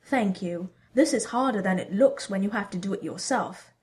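A woman's voice: medium pitch, normal speed, lightly acted. A woman voicing a doting, cheerful hero who fusses over a partner in a storybook reading. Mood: fond. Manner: warm, smiling, fussing. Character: doting, cheerful Asgardian hero, gender-bent.

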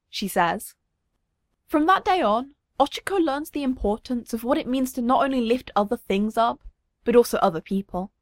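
Expressive woman reading a story. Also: on the high side, moderate pace, no echo, studio quality. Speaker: narrator.

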